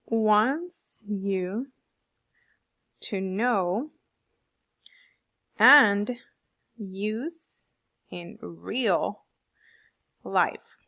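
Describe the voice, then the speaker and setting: Slow-speaking woman teaching fourth graders. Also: medium pitch, bright, forceful tone, low-quality recording. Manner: slow, emphatic teaching, stressing words for young pupils. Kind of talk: online classroom lesson.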